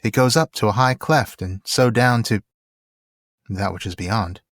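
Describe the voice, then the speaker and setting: A man's voice: on the low side, measured pace, a bit bright, dry recording, studio quality. A man reading a novel aloud and voicing a polite, cautious young male traveler in a plain, careful way. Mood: earnest.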